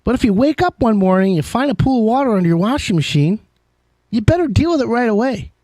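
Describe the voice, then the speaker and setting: A man's voice: very high voice, expressive, quick pace, mellow, no room sound, clean studio sound. A man hosting a live home-services call-in show, chatting casually with jokey, rambling asides. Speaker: radio show host. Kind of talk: casual call-in radio chat.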